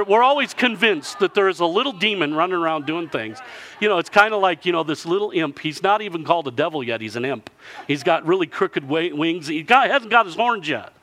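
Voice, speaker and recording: Bright-voiced man preaching a sermon. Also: on the high side. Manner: lively storytelling, acting out villagers in character. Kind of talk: sermon with a story.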